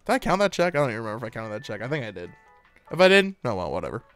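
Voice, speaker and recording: A man's voice: medium pitch, sing-song, rapid-fire, a bit bright, no room sound, faint music behind. An American man streaming live, chatting casually and playfully with his chat, reading comments aloud and laughing often.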